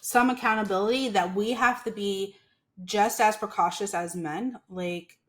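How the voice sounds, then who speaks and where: A woman's voice: medium pitch, a little slow. A woman who works as a waxer, chatting casually on a podcast and acting out quotes as she tells stories. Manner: animated storyteller, acts out quotes. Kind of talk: casual chat.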